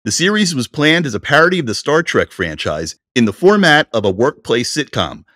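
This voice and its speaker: A man hosting a casual podcast, his voice bright and lively as it swings up and down. He talks in an animated way, laughs easily and now and then reads aloud from notes. The sound is dry and close. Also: medium pitch, fairly quick, dry recording. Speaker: podcast co-host. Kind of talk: casual chat.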